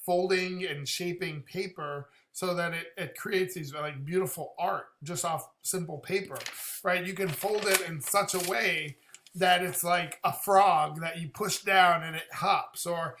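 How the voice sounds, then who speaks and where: A man talks through a song's lyrics in a loose, casual way, working out their meaning as he goes. His voice is bright and sits a little high. He laughs often and drops casual swears. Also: fairly even intonation, unhurried. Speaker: reaction video host. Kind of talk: casual song reaction commentary.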